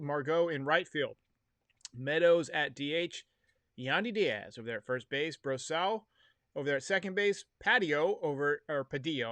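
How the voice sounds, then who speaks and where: A man's voice: a little high, fairly bright tone, no echo. Chatty, opinionated man hosting a livestream. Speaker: podcast host. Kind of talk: casual livestream chat. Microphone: headphones and desk mic.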